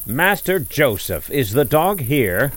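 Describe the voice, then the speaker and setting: A man voicing a robber captain giving slow, deliberate orders. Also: mid-range voice, big pitch swings, fairly bright tone, soft background music, voice pushed up. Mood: commanding. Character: commanding male robber captain.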